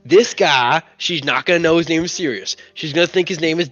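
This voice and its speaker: High, bright-voiced male player. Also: brisk, dry recording, highs cut off, faint music behind. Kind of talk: tabletop role-play.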